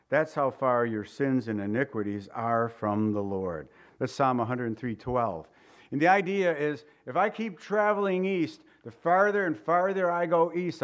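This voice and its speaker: A man preaching a sermon, telling stories with chuckles and acting out the voices of the people in them. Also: a little high. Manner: animated storytelling with chuckles and acted-out voices.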